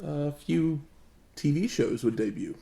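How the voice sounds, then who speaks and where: A man's voice: a little high, measured pace, gravelly, warm tone. A man in casual podcast chat, speaking in a dry, matter-of-fact way.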